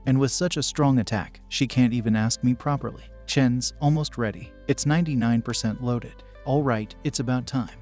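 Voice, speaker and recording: A man narrating a manhwa recap at a mid pitch, reading all the parts in one level voice. Soft music runs under him throughout. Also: normal speed, few pauses.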